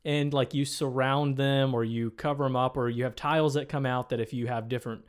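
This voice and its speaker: A man's voice: medium pitch, steady tone, fairly quick, smooth. A man co-hosting a podcast in casual chat, laughing often and restarting his sentences. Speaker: podcast co-host.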